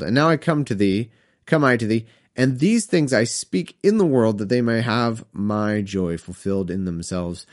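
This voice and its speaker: A man reading scripture aloud slowly and breaking off into wry, self-mocking comic riffs. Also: fairly low pitch. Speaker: comedic scripture reader.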